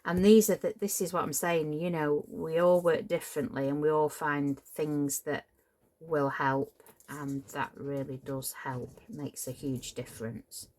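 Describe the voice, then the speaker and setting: A woman's voice: low-pitched, steady tone, a little slow, a little mellow. A middle-aged woman, casually demonstrating a papercraft build, chatty and apologetic and prone to tangents. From Cheshire, England. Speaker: papercraft tutorial host.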